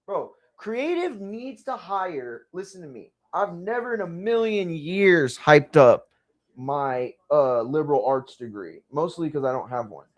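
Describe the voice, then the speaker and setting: A man's voice: fairly high pitch, very animated, unhurried, no room sound. A young man casually reacting to wrestling in a slangy, profane, blunt way.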